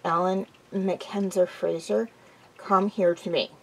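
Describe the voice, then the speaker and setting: A woman's voice: lowish voice, steady tone, a little slow, vocal fry, slightly rough, heavily acted, poor audio. A woman voicing a commanding male werewolf pack leader in an amateur audiobook reading, speaking firmly. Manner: stern and firm.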